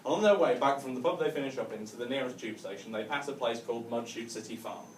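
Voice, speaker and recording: A man's voice: medium pitch, fast talker, echoey room, recorded from a distance, a little hiss or hum. A man from Cumbria telling a rambling stand-up story to a live audience, laughing at his own jokes and tagging lines with "right?". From northwest England (Cumbria). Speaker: stand-up comedian. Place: hotel function room, live audience.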